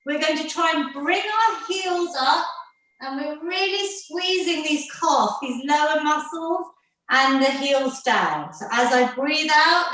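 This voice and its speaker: A woman's voice: high voice, a bit bright. A woman fitness instructor leading an online workout class, upbeat and encouraging, counting down the reps. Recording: very echoey room, mic far off.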